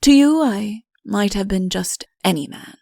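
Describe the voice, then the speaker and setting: A woman's voice: medium pitch, lively intonation, unhurried, vocal fry, mellow, no echo, clean studio sound. A woman voicing a young prince in an audiobook, who tries to sound stern and blustering but stammers when flustered. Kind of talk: audiobook character voice.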